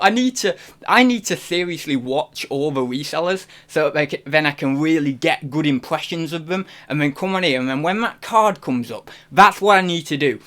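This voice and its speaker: A man's voice: on the high side, brisk, fairly bright tone. A man hosting a live stream, chatting casually in a rambling, self-deprecating way. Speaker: reselling streamer host.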